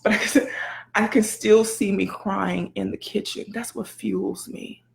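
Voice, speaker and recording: A woman in her forties, a blogger and educator, chatting in a lively, preachy, folksy way on a live phone video. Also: mid-range voice, measured pace, vocal fry. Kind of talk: casual live video chat.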